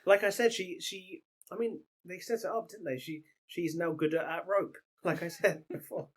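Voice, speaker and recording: A young man, co-hosting a casual review podcast, chatting loosely with laughs and quick asides. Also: high-pitched, fairly even intonation, slightly rough. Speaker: co-host reviewer.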